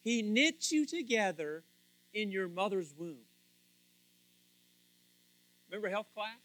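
Lively, bright-voiced preaching man. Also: high voice, slow pace, no room sound. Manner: playful, speaks directly to the congregation by name. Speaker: pastor. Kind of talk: sermon. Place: church before a congregation.

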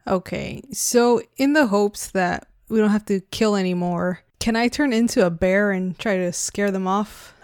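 A woman's voice: medium pitch, unhurried, hardly any pauses, a little mellow, clear, resonant tone, dry recording. Easygoing woman player, dry sound. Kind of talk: casual tabletop game talk.

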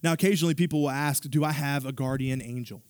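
A man preaching a sermon, retelling a scripture story in a casual, animated way with fillers and asides to the congregation. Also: mid-range voice, quick pace, clear, resonant tone, no room sound, clean studio sound. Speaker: pastor.

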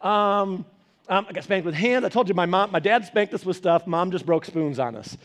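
High-voiced, animated male pastor. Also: normal speed. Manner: animated storytelling, laughing asides. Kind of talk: sermon.

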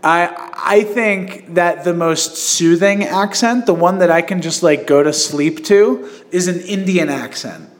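A man chats casually on a podcast, his voice sitting a little high for a man. He rambles through his stories with plenty of fillers and restarts, laughing as he goes. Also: unhurried, hardly any pauses. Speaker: podcast host. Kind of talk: casual chat.

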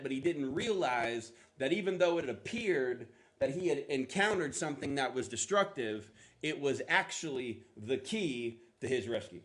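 A male pastor with a slightly high voice tells a sermon story. He repeats words as he searches for them, then acts out the lines with growing energy. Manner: animated, acts out the lines with rising intensity.

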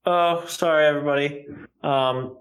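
A man co-hosting a casual podcast, talking in an unhurried way with small restarts. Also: on the high side, steady tone, fairly bright tone. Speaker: podcast co-host, cosplayer.

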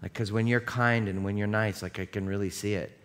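A man's voice: fairly low pitch, fairly even intonation, brisk. A man in his thirties, a pastor giving a conversational, storytelling sermon that builds into impassioned preaching.

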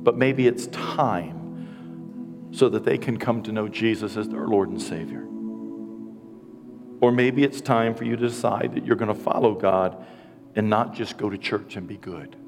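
A man's voice: lowish voice, unhurried, pauses often, faint music behind. Older guy pastor preaching, earnest and teary, pokes fun at himself, long church echo. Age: 60s. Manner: earnest, emotional, self-deprecating. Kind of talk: sermon. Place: church sanctuary.

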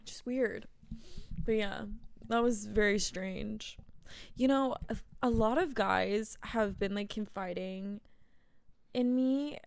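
A woman's voice: mid-range voice, takes it slowly, creaky, long pauses, darkish tone, smooth, no echo. A woman co-hosting a podcast in casual chat, telling stories animatedly, swearing freely and laughing often. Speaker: podcast co-host.

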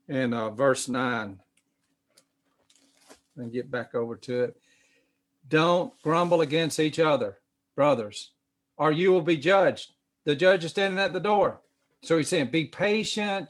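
A man's voice: medium pitch, fairly bright tone. A man preaching a sermon as pastor, emphatic, repeating phrases with fillers and restarts. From United States.

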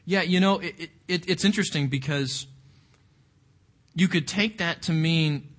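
A man's voice: a little high, normal speed, long pauses, a bit bright. A man leading an interactive Bible study, reflective, often asking the group questions and repeating words as he thinks.

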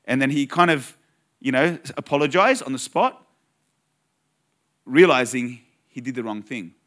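A man giving a sermon as a pastor, telling a personal story in an earnest, conversational way and slowing down to stress key phrases. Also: medium pitch, a bit bright.

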